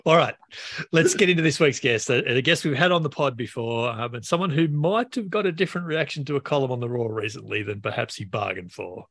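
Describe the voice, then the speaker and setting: A man's voice: medium pitch, fairly quick, a bit bright. An Australian man hosting a sports podcast, with a dry, wry humor and a few fillers. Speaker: podcast host.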